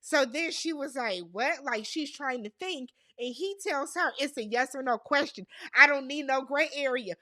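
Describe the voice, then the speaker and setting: Woman, high pitch, animated reality TV recap, talks back at the screen. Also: normal speed, hardly any pauses. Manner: animated, exasperated, talks straight to the people on screen. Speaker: recap host.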